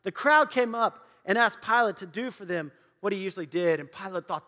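A man's voice: sits high, expressive, fairly quick, hardly any pauses, sharp tone. Guy pastor preaching in church, big echoey hall, acts out the bible voices. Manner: dramatic, acts out voices of biblical figures. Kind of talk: sermon. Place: church auditorium.

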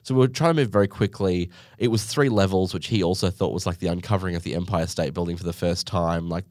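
A man's voice: low-pitched, quick pace, few pauses, a little mellow, dry recording, studio quality. A man hosting a podcast, telling comic stories in a rambling way, full of asides and jokes at his own expense. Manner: rambling, with many asides and self-mocking jokes. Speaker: podcast host. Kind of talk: casual comedic storytelling monologue.

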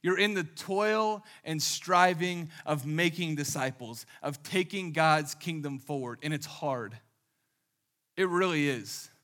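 A pastor gives a relaxed, conversational sermon built on lively anecdotes full of casual fillers. His voice sits somewhat high with a bright, forward edge, and he speaks slowly in an animated storytelling manner.

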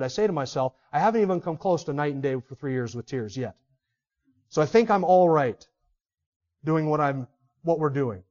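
Passionate high-voiced male pastor preaching. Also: muffled recording. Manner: passionate, emphatic preaching that swings from loud to hushed. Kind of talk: expository sermon.

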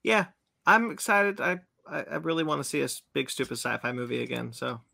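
A man hosting a podcast in a relaxed way, leading the segments. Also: a little high, brisk, vocal fry. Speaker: podcast host. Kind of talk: casual chat.

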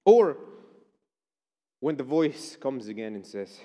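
A man's voice: medium pitch, sing-song, slow pace, long pauses, dark tone, in a large hall. A man preaching a chapel sermon, emphatic and declaring. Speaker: chapel speaker.

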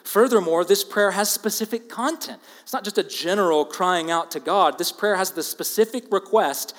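A man's voice: high voice, normal speed. Earnest preacher man in a reverberant hall. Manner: earnest, emphatic, swings between loud stress and quiet asides. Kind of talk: expository sermon. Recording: long reverb of a large hall.

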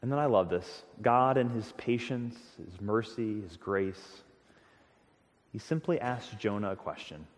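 A man preaching a sermon as a pastor, telling the story with emphatic, expressive delivery and frequent stammered restarts. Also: fairly low pitch, a little slow. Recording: long hall reverb.

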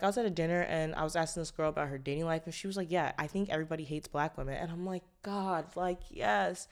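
A young woman with a slightly low voice chats on her own podcast. She rambles loosely and swears freely, with many fillers and heavy sighs between her thoughts. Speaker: podcast host. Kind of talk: casual solo podcast chat.

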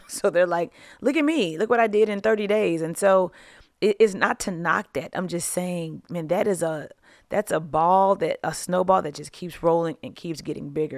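Animated woman teaching scripture, dry mic. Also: deep voice, no room sound. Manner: animated storyteller, laughs often, acts out quotes. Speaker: podcast host and Bible teacher. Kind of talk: casual devotional teaching.

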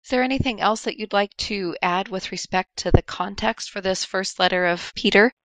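Measured woman interviewer. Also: mid-range voice, no echo, poor audio. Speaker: host. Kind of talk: interview questions.

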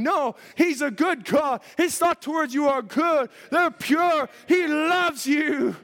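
A man delivers a fervent sermon, preaching and reading scripture in old-fashioned wording to a congregation. His voice sits unusually high for a man. The sound carries a long echo, as in a church hall. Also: unhurried, hardly any pauses, a bit bright.

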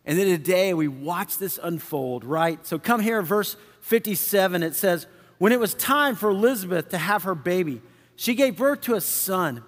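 A man's voice: high-pitched, long reverb tail. A male pastor preaching a conversational sermon, often acting out the people in the story. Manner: conversational, animated, acts out quoted figures.

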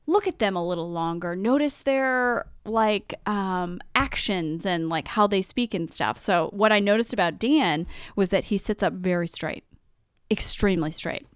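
A woman guesting on a podcast, chatting in a relaxed way with lots of "like". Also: medium pitch, smooth, dry recording, clean studio sound. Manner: relaxed, chatty, uses "like" a lot. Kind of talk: casual chat.

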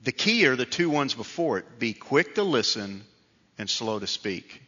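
A man's voice: medium pitch, big pitch swings, normal speed, pushed and bright. A middle-aged man preaching a sermon in a conversational, self-deprecating storytelling way. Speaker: pastor. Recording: dull reverberant hall sound.

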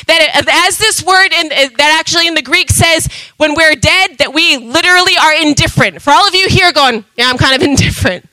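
A woman preaching a sermon with passion, going from loud emphatic calls to soft asides. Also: high voice, no room sound, rough recording.

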